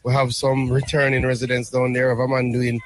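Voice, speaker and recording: A man's voice: medium pitch, monotone, brisk. Man explaining farm policy. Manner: explains policy patiently, says "right?" often. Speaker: government minister. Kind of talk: interview answers.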